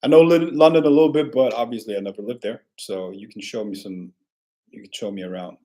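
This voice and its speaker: A man hosting a casual livestream, answering viewer questions in a relaxed, rambling way with frequent restarts. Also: on the low side, a little fast.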